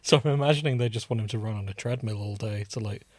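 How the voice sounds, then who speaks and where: A man's voice: on the low side, fast, a little mellow, no echo. A man co-hosting a podcast, dropping dry wisecracks during a chat. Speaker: podcast co-host. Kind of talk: casual chat.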